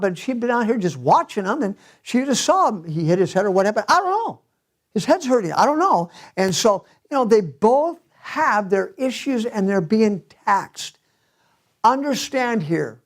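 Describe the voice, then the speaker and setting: A man preaching a sermon as pastor in a church, telling the story in an animated way and chuckling often. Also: sits high.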